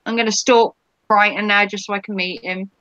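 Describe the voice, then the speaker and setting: A woman's voice: mid-range voice, fairly even intonation, a little fast, fairly bright tone, no echo, muffled recording. A woman hosting a casual live stream, chatting with viewers and reading their comments in a rambling way with many ums.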